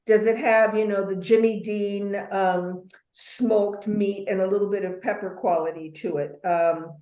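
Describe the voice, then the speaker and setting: A woman leads a wine tasting lesson over a video call, her voice mid-pitched and chatty. She fills her talk with ums and playful asides. The sound is roomy, with a noticeable echo around her. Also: fairly even intonation, unhurried. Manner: chatty, warm asides, many fillers.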